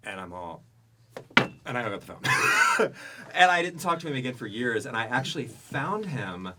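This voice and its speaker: A man in his thirties, a podcast guest telling candid personal stories in casual chat, sometimes dropping to a hushed whisper. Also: medium pitch, big pitch swings, normal speed, heavy background noise.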